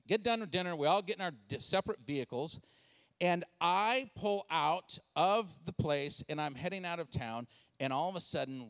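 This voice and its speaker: A man in his forties from Washington State, giving a comedic church talk and acting out voices in his stories. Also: a little high. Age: 40s. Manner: animated storytelling with acted-out voices. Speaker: speaker and comedian.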